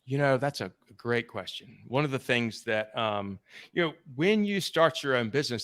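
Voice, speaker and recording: A man's voice: medium pitch, animated, moderate pace, fairly bright tone, smooth, no room sound, clean studio sound. A man guest on a podcast interview, telling candid stories in a blunt, casual way and swearing freely. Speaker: podcast guest, sales trainer. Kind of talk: conversational storytelling interview.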